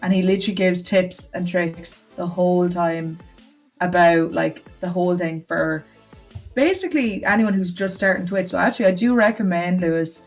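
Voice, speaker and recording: A woman's voice: lowish voice, normal speed, distant mic, soft background music. A young woman, chatting casually as a podcast guest, rambling with lots of fillers. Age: young adult.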